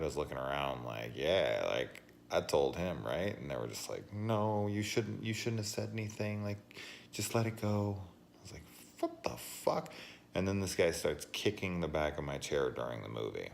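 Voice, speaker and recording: A very deep-voiced man with a gravelly, fry-heavy edge tells a story in a loose, swearing vlog rant. He laughs between lines, and a faint hiss sits under his voice. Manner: profane, animated, laughs while telling stories. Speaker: horror movie reviewer.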